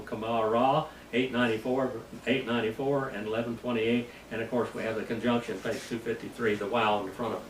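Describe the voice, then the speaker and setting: A hoarse man teaching a slow, deliberate Bible lesson, sounding out Hebrew words syllable by syllable. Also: mid-range voice, a bit bright, echoey room, far from the mic, a little hiss or hum, rough recording. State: hoarse, losing his voice.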